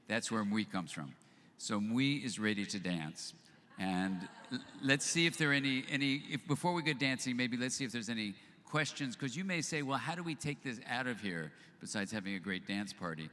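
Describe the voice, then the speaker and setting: A man's voice: on the low side, fairly quick, a little hiss or hum. Older man telling stories in a reverberant hall. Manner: animated storyteller, acts out both sides of dialogues. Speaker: speaker at a live book launch event. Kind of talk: storytelling talk to a live audience. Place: event venue with audience. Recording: long hall reverb, faint ambience.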